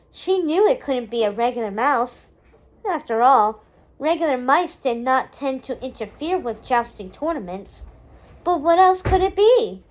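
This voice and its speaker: Woman, read-aloud storyteller, high voice, slow, expressive narration. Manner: measured, expressive storybook reading. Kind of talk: reading a novel aloud.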